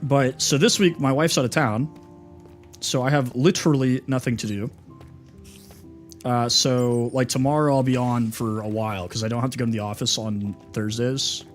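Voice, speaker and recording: A man's voice: medium pitch, steady tone, moderate pace, faint music behind. A young man from Texas streaming a game, chatting casually and answering his chat, calling people dude and brother. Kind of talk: casual livestream chat while gaming.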